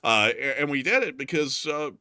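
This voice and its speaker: A man's voice: mid-range voice, moderate pace, no room sound, studio quality. A man hosting a live news stream, reading super chats and answering them in a rambling, joking way. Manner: rambling, jokey, animated. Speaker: host.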